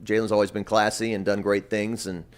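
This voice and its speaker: Male sports reporter, relaxed stop-start rambling chat. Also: on the low side, brisk. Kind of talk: casual sports radio chat.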